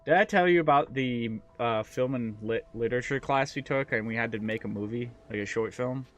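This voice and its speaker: A man's voice: mid-range voice, a little fast, lo-fi sound, faint music behind. Laid-back young man, casually profane. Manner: laid-back, swears casually, laughs often. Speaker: streamer. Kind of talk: casual stream chat.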